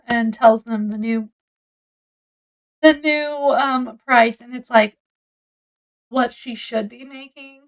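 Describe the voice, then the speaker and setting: A woman with a high voice chats through a book review at an unhurried pace. She rambles as she retells the story, filling it with likes and ums. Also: rough recording.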